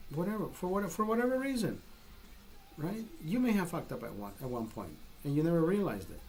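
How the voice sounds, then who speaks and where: A man's voice: high voice, low-quality recording. A man telling a story in a casual, profane rant, emphatic and retelling exchanges as dialogue. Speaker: vlogger.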